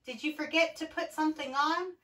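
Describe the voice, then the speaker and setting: A woman's voice: high-pitched, a little fast, sharp tone, distant mic, pitched above the performer's own voice. A woman voicing a mother frog in a storybook reading, calling out firmly to her son. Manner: calling out, firm. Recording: voice from away from the mic.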